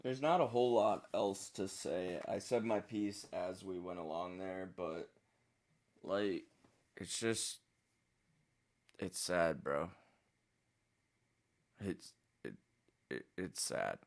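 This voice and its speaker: A man's voice: low voice, slow, long pauses. A man hosting a reaction video, talking in a subdued, reflective way that trails off. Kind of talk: casual reaction commentary.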